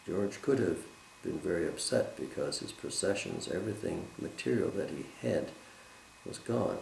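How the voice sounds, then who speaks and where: A man with a very deep, gravelly voice leads a Bible study in an earnest, measured way and reads scripture aloud. The room is echoey and has a faint hiss behind him. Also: lively intonation, darkish tone.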